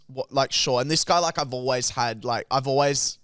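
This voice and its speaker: A man's voice: medium pitch, fairly quick, hardly any pauses, a bit bright, clean tone, no room sound, studio quality. A young Australian man co-hosting a podcast, telling a rambling, sweary anecdote in casual chat. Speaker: podcast co-host.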